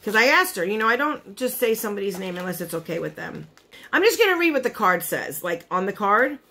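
A woman vlogger chats casually to the camera in a medium-pitched, very animated voice with a sharp tone, talking fairly quickly. Gushing and emotional, she's choked up and close to tears, peppering her speech with "like" and "you know."

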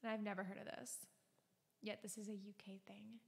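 A woman's voice: medium pitch, level tone, fairly quick, creaky, darkish tone, in a large hall. A young woman streamer chatting casually, cooing baby talk at her dog between songs. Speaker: streamer and singer. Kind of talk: casual live-stream chat. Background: piano music.

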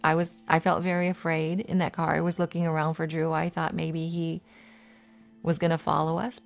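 Woman, interviewee, low voice, flat delivery, halting speech. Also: vocal fry, soft background music. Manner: halting, searching for words, repeats phrases. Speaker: interviewee, relative of the victim. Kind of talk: emotional recollection.

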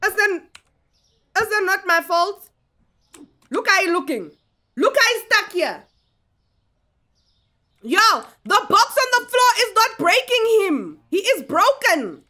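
Lively high-voiced woman. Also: slow, pauses often. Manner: animated, exclaiming, chatting to viewers. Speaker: gaming streamer. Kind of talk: casual gameplay commentary.

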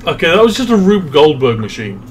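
A man's voice: fairly high pitch, sing-song, brisk. A young man co-hosting a game playthrough, making dry short quips in casual chat. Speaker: co-host player.

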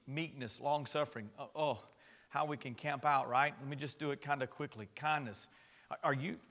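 A man preaching a sermon as pastor, switching between loud impassioned passages and quiet conversational asides, with repeated phrases. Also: on the high side, big-room sound.

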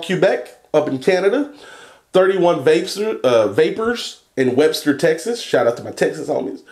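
A young man talking casually in a vlog, cursing and joking as he reads a long list of shout-outs and stumbles over place names. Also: fairly high pitch. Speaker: vlogger and e-liquid maker.

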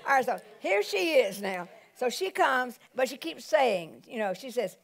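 Woman pastor, lively sermon delivery, slightly high voice, calls out often. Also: brisk. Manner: animated preaching with exclamations.

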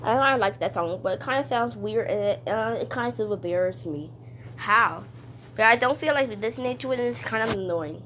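A high, very lively woman's voice that swoops up and down as she talks playfully. She hesitates with fillers now and then, over a faint hiss of background noise. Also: brisk. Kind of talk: casual toy play with voices.

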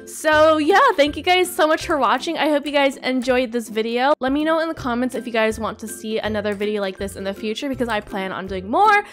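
A young woman hosting a gaming channel, chatting through her gameplay in a bubbly, excitable way and squealing with delight at good finds. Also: on the high side, a little fast, hardly any pauses, soft background music. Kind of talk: gameplay commentary. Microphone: desktop microphone.

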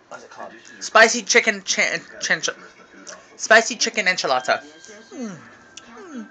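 A man's voice: high voice, very animated, measured pace, pauses often, pushed and bright. A man chatting in a casual, rambling vlog from home into his phone, talking while chewing candy. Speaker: vlogger. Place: at home, indoors. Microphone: phone camera.

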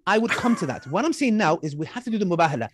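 A man's voice: sits high, big pitch swings, rapid-fire, breathy edge. A man debating online, mocking and talking over his opponent, repeating himself to hold the floor. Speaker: online preacher debating an ex-Muslim.

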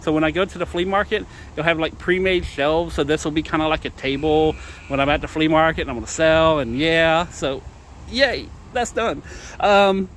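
A man's voice: on the high side, moderate pace, a bit bright, slight background noise. A man vlogging outdoors by a trailer, laughing to tears and apologizing as he rambles about used gear he plans to sell. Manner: giggly, apologetic, keeps laughing. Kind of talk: casual rambling vlog.

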